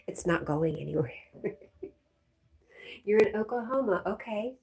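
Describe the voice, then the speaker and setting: A woman's voice: mid-range voice, animated, takes it slowly, gravelly, darkish tone, breathy edge. A woman from Connecticut hosting a casual livestream, chatting, laughing often and reading viewer comments aloud. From Connecticut, USA. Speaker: livestream host.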